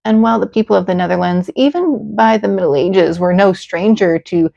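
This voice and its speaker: A woman's voice: medium pitch, fairly quick, creaky, mellow. A woman narrating a history legend with earnest, dramatic storytelling. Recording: slightly dull, faint music.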